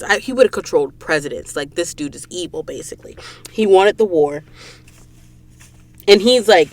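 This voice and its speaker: A woman from Georgia hosting a podcast, retelling a novel's plot in an animated, gushing way with quick asides to listeners. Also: medium pitch, no echo. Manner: animated, gushing storyteller, slips into whispers and asides. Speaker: podcast host. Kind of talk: casual book recap. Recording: dry close recording booth.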